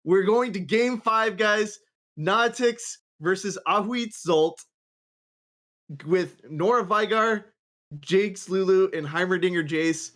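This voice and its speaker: A man's voice: high-pitched, slow pace, fairly bright tone. A man casting a live esports card game match, calling plays and hyping up the next game in a chatty way. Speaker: esports caster. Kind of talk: live play-by-play commentary.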